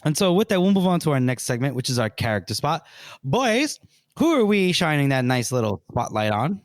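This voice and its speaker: A man's voice: medium pitch, big pitch swings, brisk, no room sound, studio quality. A man hosting a book podcast, rambling with fillers as he steers the segments. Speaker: podcast host. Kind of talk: casual book discussion.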